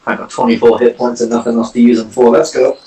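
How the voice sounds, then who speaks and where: A man playing in a tabletop game, chatty and expressive, swearing and joking freely. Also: mid-range voice, fast, gravelly, recorded from a distance. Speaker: player. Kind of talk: casual tabletop play. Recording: echoey room, away from the mic.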